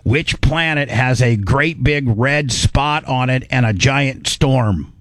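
A man's voice: medium pitch, slow, a bit bright, no echo. A man hosting a livestream quiz, teasing and mock-exasperated with a contestant. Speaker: quiz host.

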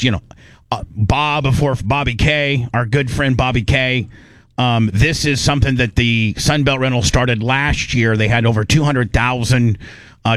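A male radio host rambling through casual banter, loose and full of fillers. His voice sits at a middle pitch, and the studio sound is dry and close. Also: no echo.

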